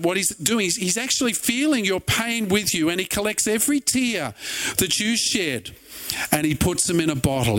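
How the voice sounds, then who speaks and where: A middle-aged man preaching in a high, light voice. He speaks earnestly yet conversationally, slipping in wry asides between points. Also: a bit bright. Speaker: pastor. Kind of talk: sermon.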